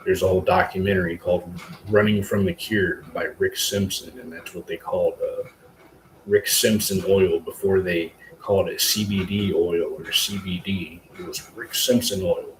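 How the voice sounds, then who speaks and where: Rambling low-voiced man on a livestream. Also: steady tone, moderate pace. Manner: rambling, loose, filler-heavy, curses casually. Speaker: livestream host, hobby mushroom grower. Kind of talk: casual live-stream chat and how-to. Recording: echoey room with faint ambient hum.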